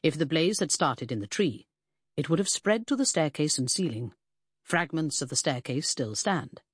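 A woman's voice: low voice, animated, moderate pace, husky, no echo. A woman voicing a pedantic male detective in an audiobook, lecturing in a precise, dry, sardonic way.

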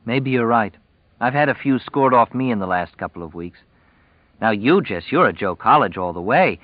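A man voicing a sharp-tongued young pregnant woman, cool and sarcastic in her replies. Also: medium pitch, expressive, moderate pace, no room sound, dull audio, natural voice. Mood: firm.

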